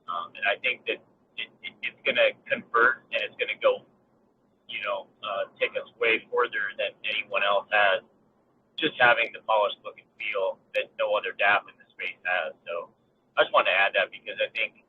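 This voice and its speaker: A man's voice: on the low side, fairly even intonation, moderate pace. A man co-hosting a casual podcast, chatty and enthusiastic, laughing between his points. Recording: tinny phone-like line with faint noise.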